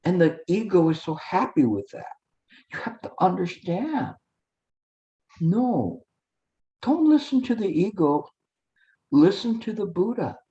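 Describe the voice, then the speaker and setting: A man's voice: high-pitched, sing-song, unhurried, long pauses, dark tone. A male meditation teacher giving a dharma talk, earnest, repetitive and coaxing, on a dull lo-fi recording.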